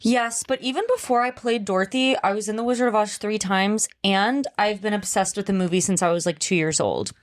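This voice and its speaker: A woman's voice: medium pitch, brisk, few pauses. Enthusiastic young woman in casual chat. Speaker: podcast co-host.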